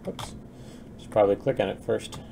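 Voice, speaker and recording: Over faint keyboard typing, a young adult man streams game development, muttering while he works and reading viewers' comments aloud in easy conversation. The voice is lowish, dark, and creaky, at a normal pace, with slight background noise.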